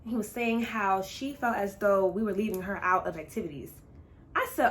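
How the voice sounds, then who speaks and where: A young adult woman vlogger telling a casual story to her viewers, chatty and dramatic, speeding up and drawing out words as she goes. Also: mid-range voice. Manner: animated, chatty, talks straight to viewers; dramatic retelling, swings between fast and drawn-out.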